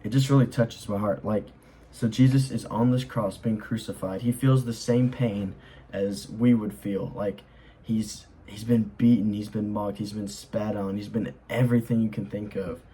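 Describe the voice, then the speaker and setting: A man's voice: fairly low pitch, fairly even intonation, normal speed, dark tone, slight background noise, poor audio. A young man explaining a Bible chapter in a casual, earnest way, rambling with lots of fillers as he reads and comments. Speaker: Bible study host.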